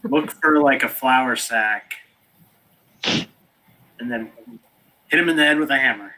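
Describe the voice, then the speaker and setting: A man's voice: mid-range voice, takes it slowly, pushed and bright, rough recording. A man chatting casually as a player in a tabletop role-playing game, eager and joking.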